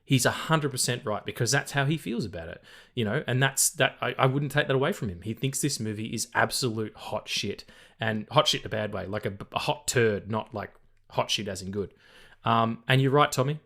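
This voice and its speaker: A man's voice: mid-range voice, brisk, gravelly, a bit bright. A man co-hosting a casual film podcast, rambling with lots of fillers, restarts and swearing. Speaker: podcast co-host.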